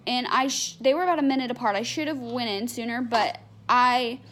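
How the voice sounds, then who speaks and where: A woman's voice: on the high side, steady tone, fairly quick, fairly bright tone, slight background noise. A young adult woman telling a candid personal story in a chatty, unfiltered way, full of fillers. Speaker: vlogger.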